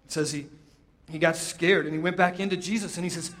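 A man preaching a sermon, retelling a scripture story with dramatic pauses and quoted lines. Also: fairly even intonation. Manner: storytelling, voices quotes with rising pitch, drops soft for emphasis.

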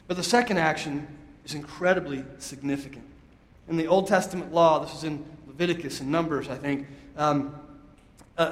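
A man preaching a sermon as a pastor, emphatic and conversational, leading his congregation in call-and-response. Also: a little high. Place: church sanctuary. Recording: echoey hall, long reverb.

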